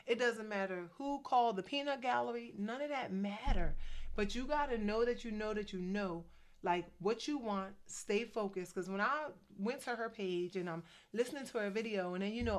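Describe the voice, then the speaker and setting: A woman in her fifties gives a casual faith-based vlog, chatty and a little preachy. She speaks with a middle pitch, tossing in quick asides between her points. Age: 50s. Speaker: faith vlogger.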